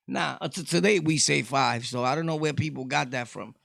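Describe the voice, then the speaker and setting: A middle-aged man with a New York accent, ranting casually to his viewers, loud one moment and low the next. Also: fairly quick, vocal fry, few pauses, no room sound, clean studio sound. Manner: loud, shifting between shouting and low talk. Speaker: vlogger. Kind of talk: casual rant to camera.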